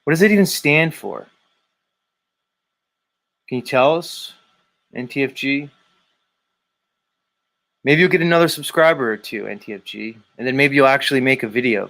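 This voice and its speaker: A man's voice: medium pitch, moderate pace, vocal fry, long pauses, fairly bright tone. A man hosting a daily live stream, reading viewer comments aloud and teasing commenters by name in a rambling, casual way. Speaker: livestream host reading chat.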